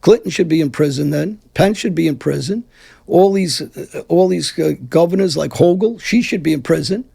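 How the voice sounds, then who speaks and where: A man's voice: a little high, normal speed, vocal fry, dark tone, slightly rough. A man from Brooklyn, speaking bluntly and combatively with frequent profanity as a guest in an interview. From Brooklyn, New York. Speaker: guest, former mafia figure. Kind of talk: casual interview talk.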